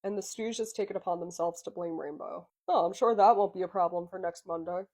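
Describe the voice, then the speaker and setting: A woman's voice: on the low side, a little fast, a little mellow. A young woman casually recapping a reality show, chatty and sarcastic, swearing freely.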